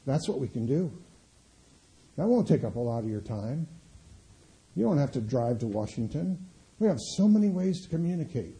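A middle-aged man preaching a sermon as pastor, swinging between loud emphatic declarations and quiet low asides. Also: big pitch swings, normal speed, pauses often, poor audio.

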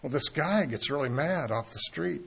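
A man delivers a sermon with a gravelly, somewhat husky voice at a middle pitch. He speaks earnestly and with emphasis, breaking his phrases with pauses and restarts. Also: animated, fairly bright tone. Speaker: preacher.

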